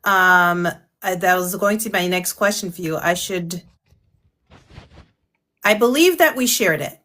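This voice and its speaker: A woman's voice: lowish voice, unhurried, bright, forceful tone. An American woman in her thirties who is running for office, speaking politely and a little hesitantly as a guest on a video call. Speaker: congressional candidate. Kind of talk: casual conversation.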